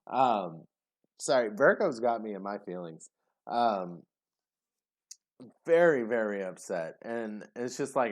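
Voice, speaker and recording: A man giving a casual tarot reading to camera, chatty and expressive, who gets caught up in his feelings. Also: fairly low pitch, measured pace. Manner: expressive, chatty, gets emotional, many ums. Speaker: tarot reader.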